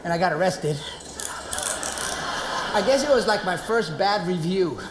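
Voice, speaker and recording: A man's voice: high voice, a little slow, echoey room, crowd noise. Brash New man performing on stage. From Queens, New York. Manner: brash, streetwise, animated with slang. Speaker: comedian and actor. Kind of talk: one-man stand-up stage show. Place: theater stage.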